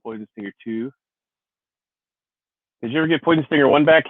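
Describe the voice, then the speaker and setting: A man's voice: mid-range voice, fairly quick, no echo. Rambling, profane veteran man on a tinny line. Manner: profane, rambling, laughs often. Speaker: livestream host, Marine veteran. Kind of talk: casual livestream chat. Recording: tinny phone-like sound.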